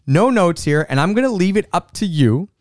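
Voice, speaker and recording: A man hosts a travel podcast in a relaxed, chatty way, often restarting his sentences. His voice sits a little high. The recording is dry and close. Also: no echo. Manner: upbeat, chatty, quick restarts. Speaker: podcast host. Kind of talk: casual travel podcast chat. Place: home room.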